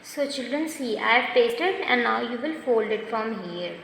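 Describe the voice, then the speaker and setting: A woman's voice: on the high side, expressive, vocal fry, a bit bright, a little hiss or hum. A woman, patiently giving a step-by-step craft lesson to children, praising them as she goes. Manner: slow, patient, instructive, praising often. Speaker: craft teacher. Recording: very echoey room with long reverb.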